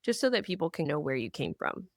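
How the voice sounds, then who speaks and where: A woman with a somewhat low voice hosting a conversational interview. She affirms her guest and thinks aloud, with an idealistic turn to her words. The recording is dry and close, with no room sound. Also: very animated, fast, dry recording. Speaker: podcast host.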